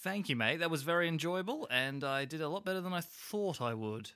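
A man co-hosting a casual podcast, chatty and quick to exclaim. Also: fairly high pitch, clean tone. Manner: excitable, chatty, prone to exclamations. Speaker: podcast co-host.

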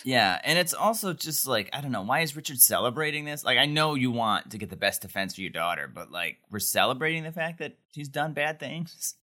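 Lively, bright-voiced man recapping casually. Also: medium pitch, a little fast, hardly any pauses. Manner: wry, joking, conversational. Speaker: podcast co-host recapping a TV episode.

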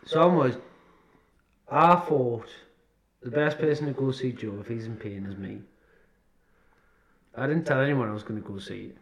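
A man's voice: mid-range voice, moderate pace, pauses often, a little hiss or hum. A young man, a podcast co-host who teases and tells stories in casual chat. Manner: cheeky, teasing, acts out quotes. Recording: echoey room.

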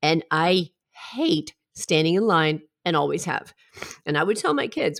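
Gravelly, lively middle-aged woman. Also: deep voice, a little slow. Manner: heartfelt, storytelling, with asides. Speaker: self-help speaker. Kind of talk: reflective personal talk.

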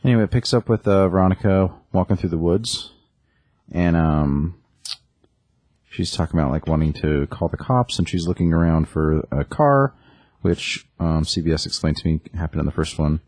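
A man with a low-pitched, slightly mellow voice co-hosts a podcast, casually recapping a comic's plot at a moderate pace. His rambling retelling is full of ums and likes, with no room sound in the casual comic book chat.

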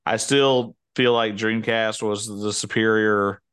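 A man's voice: fairly low pitch, fairly even intonation, slow, fairly bright tone, clean tone, dry recording, clean studio sound. A man co-hosting a podcast, chatting casually in a rambling, joking way with many restarts. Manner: rambling, self-interrupting, jokey. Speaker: podcast co-host. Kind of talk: casual chat.

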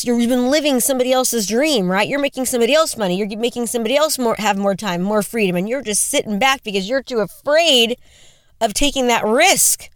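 A woman's voice: on the high side, no room sound, clean studio sound. A woman in her forties giving a motivational talk, earnest and conversational, repeating questions for emphasis. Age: 40s. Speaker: motivational speaker.

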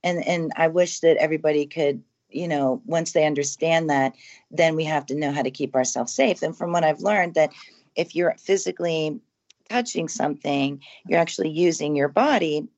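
A woman's voice: low voice, moderate pace, darkish tone, muffled recording. A woman chatting casually as a podcast guest, earnest and rambling, with many fillers and restarts. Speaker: haunted house owner and author, guest.

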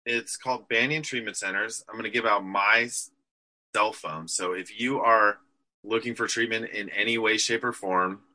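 A man's voice: low voice, sharp tone, poor audio. A man on a podcast, talking in a direct and helpful way about where he works. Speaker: treatment center guest. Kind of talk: casual chat.

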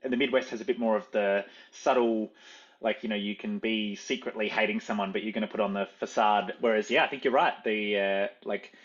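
A man with an Australian accent talks casually as an interview guest, rambling and correcting himself as he goes. His voice sits low and a little husky. The sound is muffled and lo-fi. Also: fairly even intonation, brisk. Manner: chatty, self-correcting, frequent "like" fillers.

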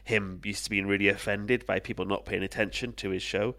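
A man's voice: on the low side, fairly even intonation, a little fast, pushed and bright. A man co-hosting a podcast, chatting casually with rambling, sweary anecdotes while tired and jet-lagged. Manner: rambling anecdotes, swears a lot, laughs often. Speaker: podcast co-host. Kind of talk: casual chat.

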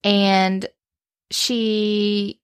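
A woman's voice: medium pitch, flat delivery, very slow, clean tone. A woman co-hosting a casual book discussion, enthusiastic and gushing about the characters. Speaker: book podcast co-host.

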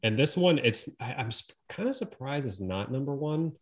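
A man's voice: mid-range voice, lively intonation, normal speed. A man co-hosting a podcast in casual chat, restarting his sentences often and swearing for emphasis. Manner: stammering restarts, profane emphasis. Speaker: podcast co-host.

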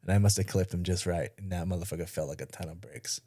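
A man in his thirties, a podcast co-host, telling a story in casual chat, animated and swearing, acting out the voices of the people he quotes. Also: low voice, fast, no room sound, clean studio sound.

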